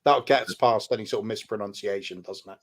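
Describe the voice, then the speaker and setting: A man co-hosting a casual football stream, chiming in with quick jokes. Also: on the low side. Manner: joking, quick interjections. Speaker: co-host. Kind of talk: casual chat.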